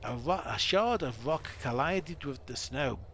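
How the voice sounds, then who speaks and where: A man doing a gruff dwarf survivor. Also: medium pitch, animated, a little slow, fairly bright tone, slight background noise. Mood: grim. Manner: rough put-on dwarf accent, dramatic retelling. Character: gruff male dwarf survivor, weary storyteller.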